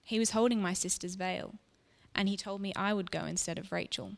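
Woman telling a soft first-person story, long reverb. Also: medium pitch, steady tone, fairly quick, creaky. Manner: soft, reflective, intimate.

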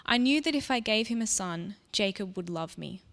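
Woman telling a soft first-person story, long reverb. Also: medium pitch, animated, moderate pace. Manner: soft, reflective, intimate.

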